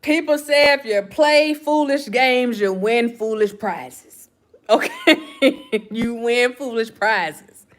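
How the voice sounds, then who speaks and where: A woman, telling a gossip story in casual chat and laughing often. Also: high voice. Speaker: vlogger.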